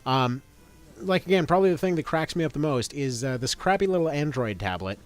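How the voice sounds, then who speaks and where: A man in his thirties streams a game and chats casually, rambling along with plenty of fillers and restarts. His voice sits a little high, moves in a lively way, and runs at a brisk clip.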